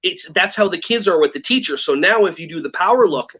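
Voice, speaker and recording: High pitched american guy, super animated, acting out little scenes as he talks. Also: brisk, slightly rough, dull audio. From United States. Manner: animated, acts out kids and teachers in quoted voices. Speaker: guest, behavior trainer for preschool teachers. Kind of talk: enthusiastic interview talk.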